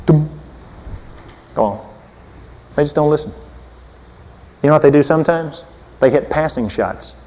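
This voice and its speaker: Animated preacher man in a reverberant hall. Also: fairly high pitch. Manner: animated, humorous, swinging from loud to soft. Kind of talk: sermon.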